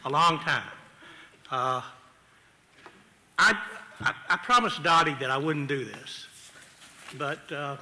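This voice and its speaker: A man's voice: fairly high pitch, takes it slowly, pauses often, pushed and bright, long reverb tail. A man giving chatty, self-deprecating testimony at a city council hearing, arguing a contrarian view. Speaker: public commenter. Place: council chamber.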